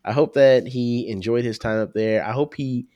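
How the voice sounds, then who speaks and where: A man's voice: medium pitch, normal speed, dark tone, no echo. Laid-back slangy man, dry mic. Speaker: podcast co-host. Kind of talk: casual chat.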